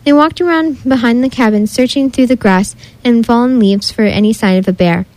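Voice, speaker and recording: A woman's voice: a little high, fairly quick, a little mellow, no room sound, rough recording. Woman reading a children's story aloud.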